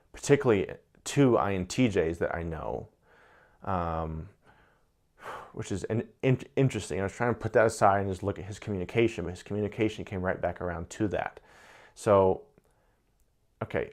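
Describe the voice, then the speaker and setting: Speaking in a low, slightly mellow voice, a man reflects casually and thoughtfully on personality types, frequently repeating words as he hunts for how to put things.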